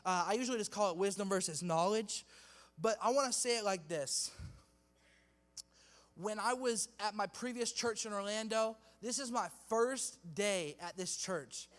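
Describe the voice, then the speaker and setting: A youth pastor preaches in a casual, slangy way, teasing the crowd between points. His voice sits high for a man. A long reverb trails after him in the hall. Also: moderate pace, fairly bright tone. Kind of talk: sermon. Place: church hall with youth audience.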